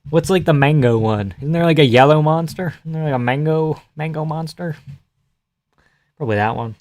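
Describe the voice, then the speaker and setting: A man's voice: fairly high pitch, moderate pace, a little mellow, no echo. A man streaming live, chatting casually and joking through a fight watch-along, reading chat aloud and swearing freely.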